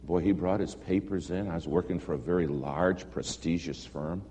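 A man telling a humorous personal story to a live audience, animated and self-deprecating. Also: low voice, moderate pace. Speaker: speaker addressing an audience. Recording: long hall reverb, faint hum.

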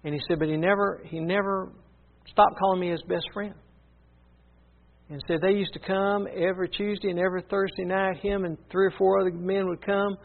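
A man's voice: high voice, little pitch movement, fairly quick, creaky. A man preaching, earnestly retelling a story and repeating "he said" as he goes. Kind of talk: sermon storytelling. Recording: tinny phone-like sound.

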